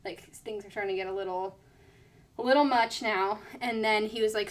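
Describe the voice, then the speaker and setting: A woman's voice: medium pitch, steady tone, fairly quick. A young woman telling a personal story in casual chat, full of fillers and acted-out quotes. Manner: chatty, lots of "like", quoting others.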